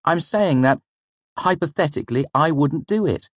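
A man's voice: on the high side, lively intonation, moderate pace, dry recording, voice pushed up. A man voicing a clever, cheeky young male student in an audiobook. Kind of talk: audiobook character voice.

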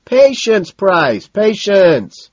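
A man doing a smug shouting party fixer. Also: sits high, sing-song, drawn-out words, dry recording, lo-fi sound, voice pushed up, heavily acted. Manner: shouting over loud club music.

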